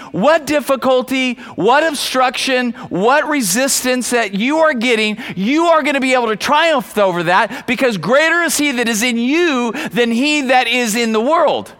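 A man's voice: very high voice, pushed and bright. A male pastor preaching a sermon emphatically, repeating key phrases and calling on the congregation.

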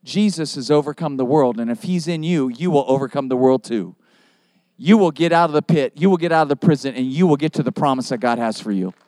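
A man's voice: mid-range voice, brisk, darkish tone, no room sound. A man preaching a sermon as pastor, emphatic, with rhetorical questions to the congregation.

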